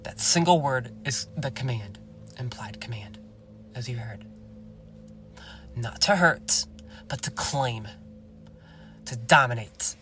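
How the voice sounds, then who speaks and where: A man hosting a self-help podcast, speaking in a slow, commanding way that often drops to a whisper and is peppered with "okay?" and "you guys". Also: medium pitch, expressive, sharp tone, faint music behind. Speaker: podcast host.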